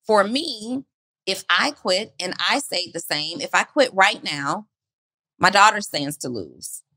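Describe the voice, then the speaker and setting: Bright-voiced woman, earnest motivational talk. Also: mid-range voice, expressive, slow pace, dry recording. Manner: earnest, repeats questions for emphasis. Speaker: podcast co-host.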